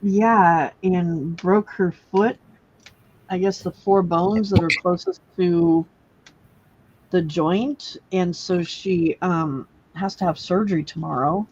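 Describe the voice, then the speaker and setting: A woman's voice: lowish voice, takes it slowly, a little mellow, dull audio, slight background noise. A woman hosting a late-night crafting livestream in casual chat, rambling with many fillers and restarts.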